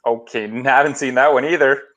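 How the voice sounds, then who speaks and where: A man's voice: medium pitch, fairly even intonation, fairly quick, fairly bright tone, dull audio. A man co-hosting a podcast in casual chat, giving short agreeable replies and setting up topics. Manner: brief, agreeable interjections, sets up the games. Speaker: podcast co-host.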